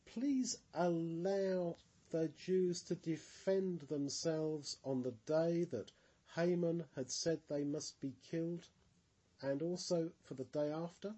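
A man's voice: on the high side, takes it slowly, dark tone, husky, pitched above the performer's own voice. A man voicing a young queen who pleads in a nervous voice. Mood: pleading.

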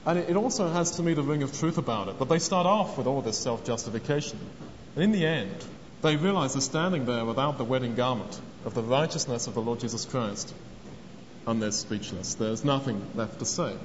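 A man's voice: mid-range voice, expressive, fairly quick. A man preaching a sermon, earnest in tone and acting out the speakers he quotes. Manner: earnest, acts out quoted speech. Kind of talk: sermon on a parable. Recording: long hall reverb, dull lo-fi sound, faint noise.

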